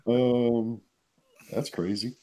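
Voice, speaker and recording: A man's voice: medium pitch, fairly even intonation, extremely slow, warm tone. Joking man chiming in on a podcast. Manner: short joking reactions, laughs along. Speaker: podcast co-host. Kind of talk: casual chat.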